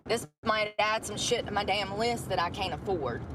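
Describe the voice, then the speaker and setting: A woman's voice: medium pitch, moderate pace. Blunt, profane woman venting while driving. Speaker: livestreamer. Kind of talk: rambling livestream talk. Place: in a car. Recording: noisy car livestream on a phone. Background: car and road noise.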